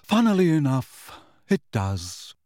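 A man's voice: a little high, big pitch swings, moderate pace, a little mellow, no room sound, clean studio sound. A man voicing a bored, genteel male ghost from an audiobook story, speaking in a polite, languid and weary way.

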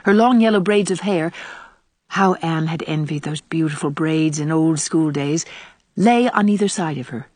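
A woman narrating an audiobook in a measured, even reading. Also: deep voice, no room sound. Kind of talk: scripted narration.

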